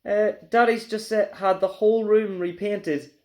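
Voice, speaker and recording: A man's voice: high voice, fairly even intonation, measured pace, darkish tone, pitched above the performer's own voice. A man voicing an anxious young boy in a storybook reading, pleading and worried.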